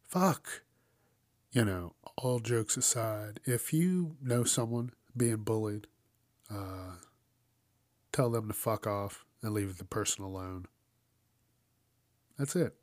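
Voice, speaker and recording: A man's voice: mid-range voice, no echo, studio quality. A man hosting a casual news commentary show, swearing often and ranting with frequent laughs. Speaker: host.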